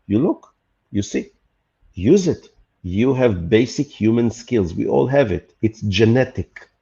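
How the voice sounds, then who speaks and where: A man talks as a podcast guest, pressing his points with rhetorical questions and little acted-out quotes. His voice is warm and mellow. The recording sounds a little dull and lo-fi. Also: on the low side, lively intonation, measured pace, creaky. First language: Hebrew. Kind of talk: animated conversational podcast talk.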